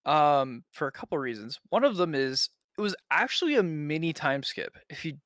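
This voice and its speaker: A man's voice: on the high side, sing-song, moderate pace, a bit bright, dry recording. Young male panelist, casual and meandering, dry close mic. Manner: rambling, many ums and restarts. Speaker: podcast panelist. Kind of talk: casual chat.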